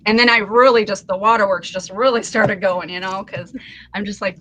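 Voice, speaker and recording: A woman's voice: mid-range voice, a little fast, a bit bright, slight background noise. A woman guest on a reseller podcast, telling a heartfelt story in an earnest, emotional way. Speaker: podcast guest, live seller. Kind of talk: casual chat.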